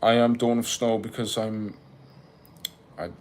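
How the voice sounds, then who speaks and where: A man's voice: fairly low pitch, level tone, a little slow. Chatty Welsh man on a live stream. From Wales. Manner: chatty, jokey, laughs often, rambling asides. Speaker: livestream host. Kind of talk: casual live-stream chat reading comments.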